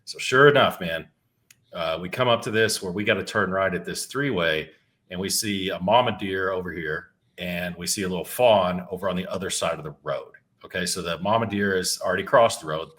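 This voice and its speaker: A man's voice: low voice, fairly quick, fairly bright tone. A middle-aged man on a podcast telling a story in a loose, rambling way, swearing freely and often restarting his words. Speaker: podcast co-host. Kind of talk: casual storytelling. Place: home.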